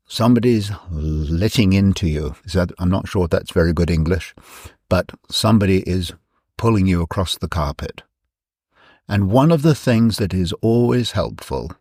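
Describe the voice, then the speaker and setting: A man giving a reflective talk, measured and explanatory, repeating key phrases for emphasis. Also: deep voice, a little mellow, slightly rough, no echo, studio quality. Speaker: speaker presenting his ideas.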